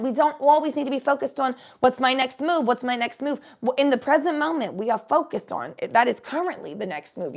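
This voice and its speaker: A woman's voice: mid-range voice, gravelly, darkish tone. A woman chatting casually on a live stream, giving a tarot reading in a rambling, swearing way.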